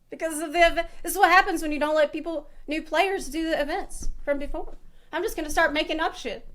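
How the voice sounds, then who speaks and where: Female streamer, high-pitched, chatty reaction commentary with loose cursing. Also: normal speed, a bit bright. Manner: rambling, laughing, swearing freely.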